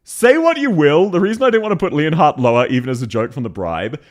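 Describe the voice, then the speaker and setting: A man's voice: fairly high pitch, very animated, fast. A young Australian man streaming, joking and laughing as he ranks voice acting in casual chat. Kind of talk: casual chat, ranking reactions.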